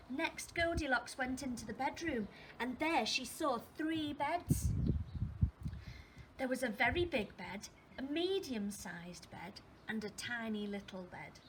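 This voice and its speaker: A woman teacher reading a storybook to young children, expressive and asking them questions as she goes. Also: a little high, a little hiss or hum. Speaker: primary school teacher.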